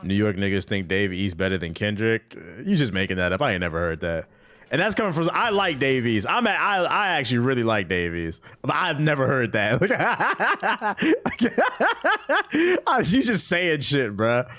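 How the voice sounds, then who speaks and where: A man's voice: medium pitch, big pitch swings, moderate pace, bright, forceful tone. A man streaming a game, chatting casually with his chat in loose, profane slang. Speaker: gaming streamer. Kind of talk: casual live-stream commentary while playing.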